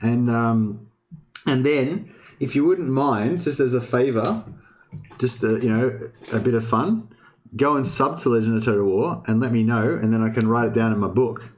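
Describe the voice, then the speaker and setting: A man's voice: mid-range voice, normal speed. A young man streaming, chatting casually with his viewers in a rambling way, often restarting sentences and swearing. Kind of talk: casual livestream chat.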